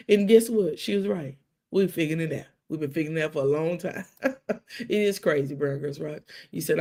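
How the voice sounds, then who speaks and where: A middle-aged woman, hosting a live talk and telling stories animatedly, dropping to soft whispers and rising to loud exclamations. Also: fairly low pitch, creaky. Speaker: livestream host.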